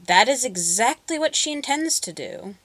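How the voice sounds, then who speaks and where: A woman voicing a thin, hungry black cat that speaks calmly and confidingly in a storybook reading. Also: on the high side, normal speed, no room sound, voice pushed up.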